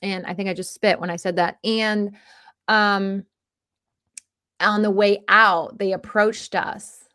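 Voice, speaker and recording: A woman's voice: medium pitch, steady tone, takes it slowly, pauses often, bright, forceful tone, no room sound, studio quality. A woman in her forties hosting a casual personal monologue, rambling and self-deprecating. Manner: rambling and self-deprecating, with many restarts and fillers.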